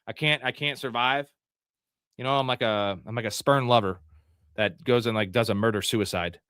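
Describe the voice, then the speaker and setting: A man hosting a live fantasy football draft stream, cursing and venting as picks go against him. His voice is bright and tense, and it sometimes jumps into loud yells. The sound is dry and close, with almost no room around it. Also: mid-range voice, normal speed, clean tone, no room sound. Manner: profane, frustrated, outbursts of yelling.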